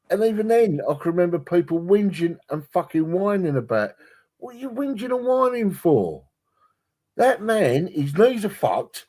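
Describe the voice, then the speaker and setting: Animated, sweary man. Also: on the high side. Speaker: podcast co-host. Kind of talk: casual chat.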